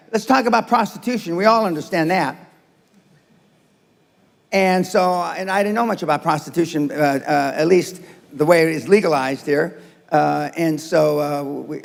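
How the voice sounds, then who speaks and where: A man with a fairly high, creaky voice delivers a blunt, profane business talk to a live audience in a reverberant hall. He repeats his points for emphasis.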